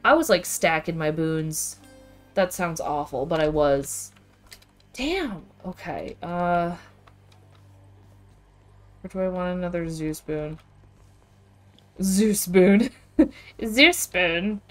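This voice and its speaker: A woman streaming a game from home, reacting aloud in casual, expressive commentary full of exclamations. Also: low-pitched, takes it slowly, pauses often, soft background music. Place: home with webcam.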